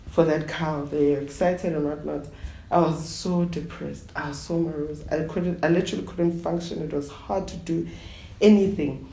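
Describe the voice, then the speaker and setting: A woman traditional healer from South Africa, telling her story at a roundtable in an animated way, often acting out what others said. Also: deep voice. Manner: code-switching, animated retelling with quoted voices. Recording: echoey room with faint noise.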